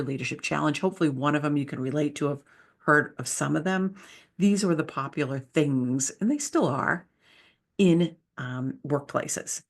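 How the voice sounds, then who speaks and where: A woman who is a leadership speaker and author, giving an enthusiastic, conversational presentation with slides. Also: sits low.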